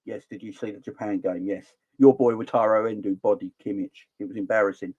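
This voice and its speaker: A man playing a male German football association official on a pretend phone call, talking low and mumbled. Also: fairly even intonation, brisk, a little mellow, husky. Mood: pleading.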